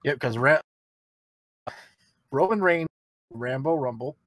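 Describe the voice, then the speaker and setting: A man's voice: medium pitch, lively intonation, slow, fairly bright tone, dry recording. Joking, swearing podcast co-host man. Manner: swearing, joking, rambling with restarts. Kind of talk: casual chat.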